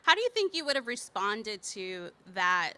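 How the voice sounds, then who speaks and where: Woman, interviewer, bright tense tone, measured questions. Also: mid-range voice, big pitch swings. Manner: measured questions with soft affirmations. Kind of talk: onstage interview.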